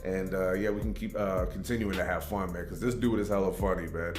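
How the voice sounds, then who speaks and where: Laid-back low-voiced man in an echoey room. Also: fairly even intonation, brisk, music in the background. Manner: laid-back, rambling, says "man" and "you know" often. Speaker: reaction video host. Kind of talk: casual reaction commentary.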